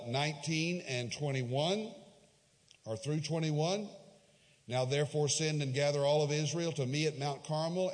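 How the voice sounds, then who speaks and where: Animated preacher in a reverberant hall. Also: male voice. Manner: storytelling preacher, swings between loud emphatic peaks and quiet low asides. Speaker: pastor. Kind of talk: sermon.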